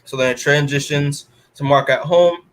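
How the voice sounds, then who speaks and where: A man's voice: on the high side, steady tone, moderate pace. A man co-hosting a comic-book podcast, recapping the story in a rambling, casual way with lots of filler words and restarts. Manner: rambling recap full of "like" and restarts, quoting characters in his own voice. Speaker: podcast co-host.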